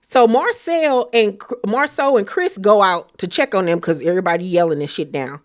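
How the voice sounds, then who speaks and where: A woman giving a blunt, profane, animated recap of a reality show in casual commentary. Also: medium pitch, normal speed.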